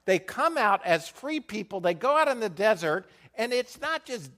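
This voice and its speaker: A man preaching a sermon as pastor, animated, dropping to a quiet voice for emphasis and muttering to act out complaining people. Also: sits high, normal speed, hardly any pauses.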